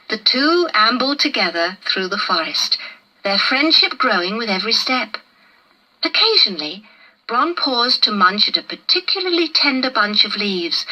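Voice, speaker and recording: A woman narrating a children's storybook in a measured, gentle way. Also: medium pitch, rough recording.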